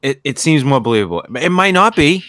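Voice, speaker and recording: A man co-hosting a podcast in casual chat, sarcastic and quick to swear. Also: fairly high pitch, sing-song, a bit bright. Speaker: podcast co-host.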